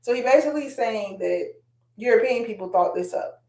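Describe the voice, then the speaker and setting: A woman's voice: fairly high pitch, animated, brisk, dark tone. Chatty woman host in an echoey room. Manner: chatty, addresses viewers directly, reads quotes aloud. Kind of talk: casual commentary vlog.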